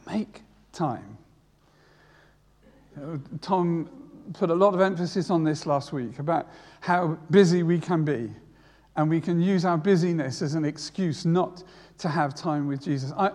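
A man's voice: fairly high pitch, unhurried, darkish tone, in a large hall. A retired man preaching a sermon, earnest and repeating key phrases for emphasis. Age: older.

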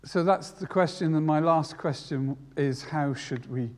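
A man's voice: fairly high pitch, measured pace, in a large hall. A retired man preaching a sermon, earnest and repeating key phrases for emphasis. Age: older.

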